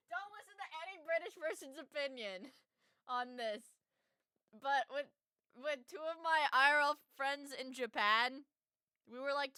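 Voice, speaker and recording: A woman's voice: fairly high pitch, pushed and bright, clear, resonant tone, no echo. A young woman streaming, reacting to a video in blunt, profane, jokey casual commentary.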